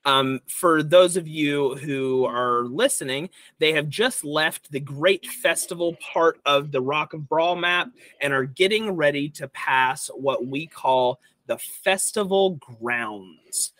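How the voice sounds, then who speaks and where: A young man running a tabletop game as dungeon master, with a bright, slightly high voice. He explains options in a loose, rambling way full of fillers. The sound is dry and close. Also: slow pace, hardly any pauses, no room sound.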